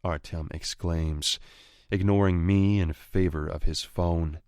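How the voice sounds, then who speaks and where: Deep, slow, growling male narrator. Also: fairly even intonation, a little mellow, smooth, dry recording, clean studio sound. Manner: growling, menacing. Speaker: audiobook narrator. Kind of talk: first-person romance audiobook narration.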